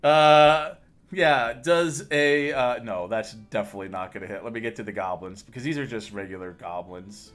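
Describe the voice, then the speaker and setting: A man narrating as game master for a tabletop game on a livestream, quick and often laughing, with some stumbles. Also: fairly low pitch, fairly bright tone, soft background music.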